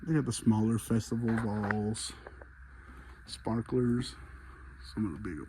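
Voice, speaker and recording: Inside a big indoor fireworks store, a man vlogs casually as he walks around, chatting with enthusiasm while out of breath. His voice is fairly low and steady, his pace measured, and the background is noisy.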